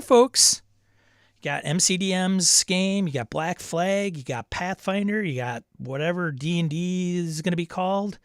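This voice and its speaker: A man with a slightly high voice hosts a casual tabletop games live stream, chatting in a loose, rambling way and reading chat messages aloud. The recording is dry and studio quality.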